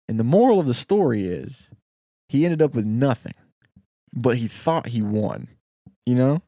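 A man in a casual brainstorming chat, telling a story with lots of animation. His pitch moves lively up and down, and the recording is dry and close. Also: a little slow, long pauses, dry recording.

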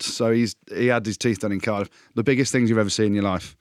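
A man co-hosting a podcast, swapping stories in loose, joking banter. He acts out the people in his anecdotes with quick shifts of voice. His voice sits at an ordinary middle pitch, and the room sounds dry. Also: steady tone, dry recording. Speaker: podcast co-host. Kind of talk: casual banter, storytelling.

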